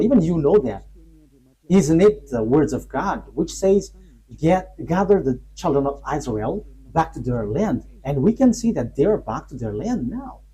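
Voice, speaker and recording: A man preaching a sermon, emphatic and halting, rising sharply on key points between pauses and fillers. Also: fairly high pitch, mellow, slightly rough, low-quality recording.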